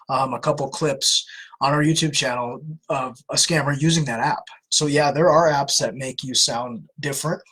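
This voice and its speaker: A woman's voice: low voice, a bit bright, husky, rough recording. A woman hosting a live question-and-answer session, answering viewer questions in an earnest, plain-spoken way. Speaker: host of a scam-awareness Q&A.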